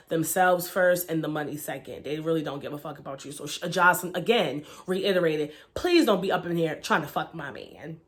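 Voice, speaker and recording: Woman, young adult, casual profane vlog recap, chatty, frank. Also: mid-range voice. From Baltimore, Maryland. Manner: blunt, profane, chatty with many fillers. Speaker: reality show reviewer.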